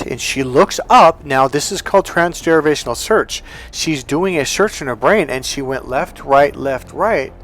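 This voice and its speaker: A male coach tells a personal story in a motivational talk. His voice sits in a mid range. He is animated and jumps up high when acting out dialogue, over faint background music. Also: unhurried. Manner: animated, acts out quoted dialogue with high lifts in pitch. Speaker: dating and relationship coach, hypnotherapist.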